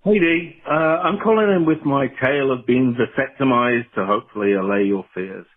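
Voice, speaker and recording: A man in his forties with an English accent, calling in to tell a story in a dry, deadpan way. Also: mid-range voice, normal speed. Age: 40s. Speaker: caller. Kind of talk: phoned-in voicemail story. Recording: tinny phone line.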